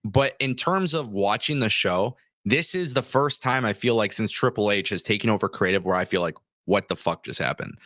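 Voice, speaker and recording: A man's voice: lowish voice, lively intonation, moderate pace, few pauses, a bit bright, no room sound, studio quality. A man co-hosting a livestream, talking in a fired-up, frustrated way and often stumbling and restarting his sentences. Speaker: co-host. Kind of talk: livestream wrestling talk.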